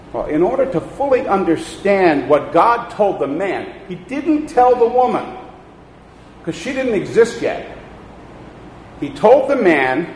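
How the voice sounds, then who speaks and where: A man's voice: sits high, sing-song, a little slow, slight background noise. A man preaching a sermon as a pastor, telling folksy stories with emphatic delivery. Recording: echoey hall with long reverb.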